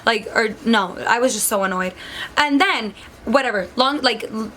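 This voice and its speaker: A woman's voice: on the high side, normal speed, a bit bright, slight background noise. A young woman vlogger telling a story in a chatty way, full of likes, acting out what others said. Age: young adult. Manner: chatty, many likes, acts out quotes. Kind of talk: storytime vlog.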